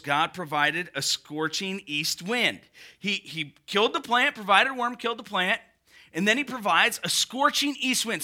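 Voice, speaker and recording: Male pastor, sermon, animated and conversational, high pitch.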